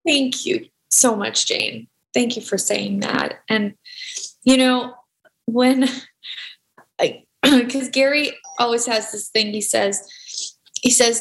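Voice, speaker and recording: A woman's voice: fairly high pitch, fairly even intonation, takes it slowly, creaky. Effusive woman podcast host. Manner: effusive, talks in loose looping phrases. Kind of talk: casual podcast conversation.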